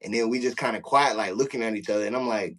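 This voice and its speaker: A man's voice: lowish voice, fast talker, fairly bright tone. A man telling a prison story in casual, profane talk, acting out the voices in the quotes.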